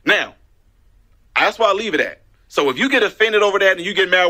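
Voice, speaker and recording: Bright-voiced male radio host. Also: high voice, normal speed. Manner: animated storytelling, emphatic repetitions. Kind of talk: casual radio talk. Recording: radio broadcast.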